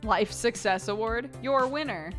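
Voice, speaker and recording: A woman's voice: on the high side, a little slow, music in the background. A woman streamer with a sore throat, chatting casually with her audience, giggly and swearing freely.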